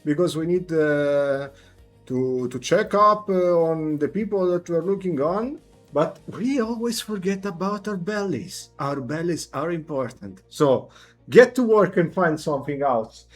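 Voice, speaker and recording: Man voicing a complaining quartermaster NPC, bossy and fussy, raised and higher, tabletop game. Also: lively intonation, a little slow, faint music behind. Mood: grumbling. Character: grumbling male ship quartermaster.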